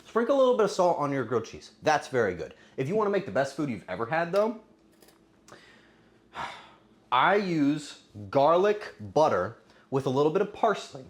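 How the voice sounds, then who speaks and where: A man streaming casually while cooking and tasting, joking crudely and bursting into loud exclamations. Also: fairly high pitch, big pitch swings, moderate pace. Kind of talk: casual cooking livestream chatter.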